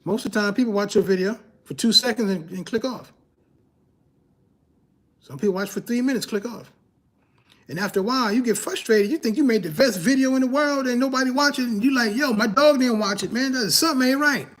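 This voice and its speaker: High-voiced man coaching on a livestream. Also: fairly quick. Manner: emphatic, repeats key phrases, fires rhetorical questions; casual, slangy speech. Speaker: YouTube growth coach and host.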